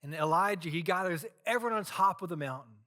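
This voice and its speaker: A male pastor preaching a sermon, retelling a scripture story in a casual, animated way. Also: high-pitched, fast talker.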